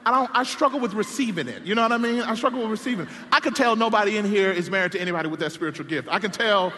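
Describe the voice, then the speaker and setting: A man's voice: high-pitched, rapid-fire, pushed and bright, slight background noise. A man preaching a comedic sermon, telling stories with playful, self-deprecating asides, from a stage in a large church sanctuary. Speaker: pastor. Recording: long hall reverb.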